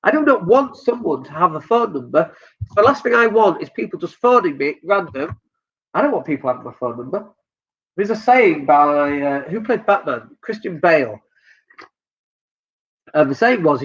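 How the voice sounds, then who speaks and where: A man's voice: fairly high pitch, big pitch swings, normal speed, fairly bright tone, slightly rough, lo-fi sound. A Northern English man giving blunt, joking business advice during a live stream. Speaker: business coach.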